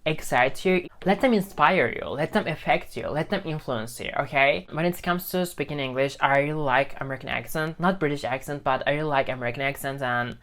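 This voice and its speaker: This talking-head English lesson comes from a male teacher and video host speaking to his phone camera. His fairly high, slightly bright voice moves briskly with hardly any pauses, and he's emphatic, repetitive, and keeps checking in with "okay?".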